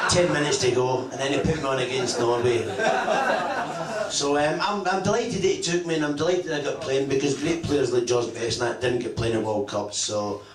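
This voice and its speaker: A middle-aged man telling swear-laden, self-mocking anecdotes at a live event. His voice sits at an ordinary pitch and echoes around the function room. It sounds like it was caught from a microphone some distance away. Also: expressive, normal speed, a loud crowd. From Scotland. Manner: profane, self-mocking punchlines. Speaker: guest, former footballer. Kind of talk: live anecdote storytelling on stage. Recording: echoey room, voice picked up from afar.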